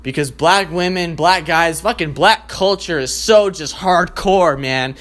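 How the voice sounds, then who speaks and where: A man doing a rambling, profanity-filled comic rant in a casual, animated way. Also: on the high side, measured pace. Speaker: comedian.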